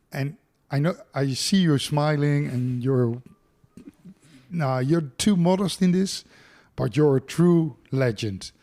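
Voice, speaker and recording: Dutch male podcast host, mellow tone, eager and halting. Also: mid-range voice. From Netherlands. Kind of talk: interview podcast.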